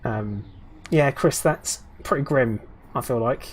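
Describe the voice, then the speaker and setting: A man's voice: medium pitch, slow, slightly rough. A British man streaming a game, chatting casually with viewers in a rambling way with lots of ums and restarts.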